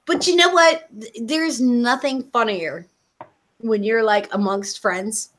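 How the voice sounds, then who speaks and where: A woman's voice: on the high side, slow pace, a little hiss or hum. A woman co-hosting a casual podcast, teasing and stumbling over her words.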